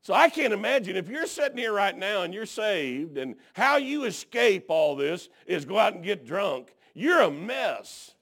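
A man preaching a folksy sermon, telling stories and dropping frequent amens, swinging from hushed to shouting. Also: high voice, sing-song, unhurried, creaky, few pauses.

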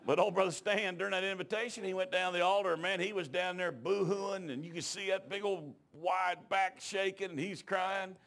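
A man preaching a revival sermon, telling folksy stories and building up to shouts. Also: sits high, steady tone, normal speed, gravelly, hardly any pauses. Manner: folksy rural talk that rises into shouting. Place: church.

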